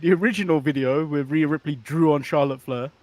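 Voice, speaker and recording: A man's voice: a little high, fairly quick, dry recording. A man from England with an English accent, co-hosting a wrestling podcast in a wry, teasing way with hesitant fillers. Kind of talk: casual chat.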